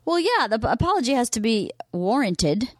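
Woman guest, casual teasing banter, lively pitch, close dry mic. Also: brisk, no echo. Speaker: guest, host's wife. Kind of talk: casual chat. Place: home man cave studio.

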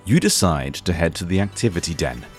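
A game master narrates a comic tabletop game in a dry, mock-dramatic way. His low voice swoops through a lively, animated pitch, and faint music plays under it. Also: a little fast.

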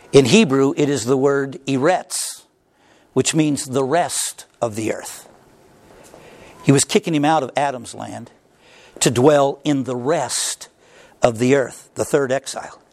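A man with a high voice preaching a sermon. He works through the passage verse by verse, then builds to impassioned, shouted cries, his pitch leaping upward at the peaks. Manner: preaching with dramatic swings in pitch, crying out at climaxes. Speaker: pastor.

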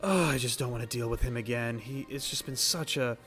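A man's voice: medium pitch, brisk, fairly bright tone, faint music behind, lightly acted. A man voicing a nervous, flustered male castle steward who stammers and hesitates.

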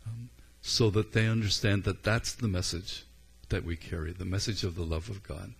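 Husky, low-voiced male preacher. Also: steady tone, normal speed. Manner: earnest and conversational, with frequent ums. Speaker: pastor. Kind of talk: sermon.

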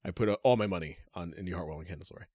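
Lower-voiced man laughing through podcast banter. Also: very fast, darkish tone, no echo. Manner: laughs often, loose and joking. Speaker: podcast co-host. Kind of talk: casual podcast chat.

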